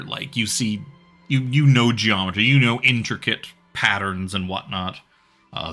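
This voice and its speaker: Bright-voiced man running a horror tabletop game. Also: sits low. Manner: loose, chatty, many fillers and restarts. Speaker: game master.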